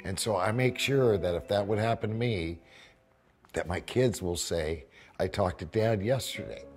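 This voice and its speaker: An older man from the United States chatting in a video diary, emotional and folksy with rough jokes. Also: lowish voice, moderate pace, faint music behind. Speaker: reality TV bounty hunter. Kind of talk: casual video diary chat.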